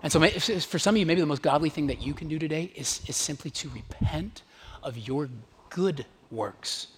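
Husky-voiced man preaching a sermon. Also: a little high, brisk. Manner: conversational, emphatic, drops to hushed whispers on key lines. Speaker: pastor. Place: church in front of a congregation.

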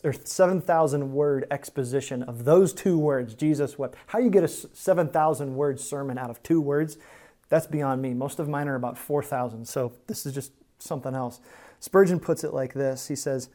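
A man preaching a sermon as pastor, earnest and conversational, moving between hushed moments and emphatic stretches. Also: on the high side, moderate pace. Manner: conversational asides to the congregation.

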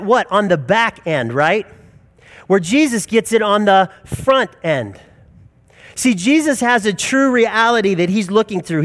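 A man in his forties preaching a sermon in an earnest, emphatic storytelling manner. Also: sits high. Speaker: pastor.

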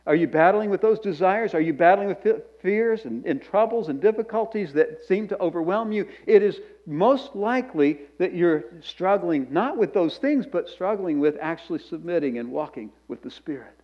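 A man's voice: sits high, expressive, normal speed, hardly any pauses, muffled recording. A pastor preaching a sermon in a conversational way, often restarting phrases and tossing in asides to his congregation.

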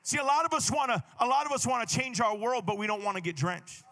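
Man in his thirties, pastor preaching a sermon with shouted emphasis; very high, bright delivery. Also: expressive, fast.

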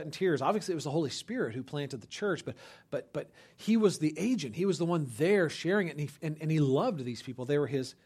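A pastor with a mid-range voice delivers a conversational sermon, checking in with his listeners. Now and then he breaks into loud, animated bursts for emphasis.

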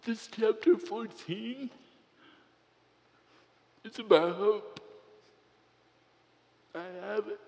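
Slow, high-voiced male preacher in a hall. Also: creaky, a little mellow. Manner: slow, storytelling with playful humor. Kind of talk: sermon with personal story. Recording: long reverb of a large hall.

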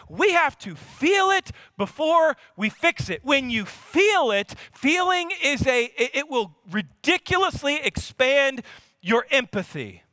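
Animated and repetitive, this Louisiana-accented pastor in his thirties fires rhetorical questions at his congregation as he preaches. He hails from Louisiana, and his voice is high and bright. It's recorded dry and close, with no echo.

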